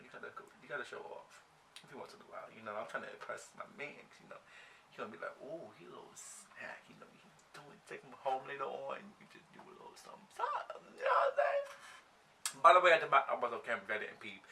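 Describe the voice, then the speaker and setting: A young man telling a breakup storytime while getting ready, animated and slangy, acting out his own reactions. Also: mid-range voice, gravelly, recorded from a distance, a little hiss or hum. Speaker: vlogger.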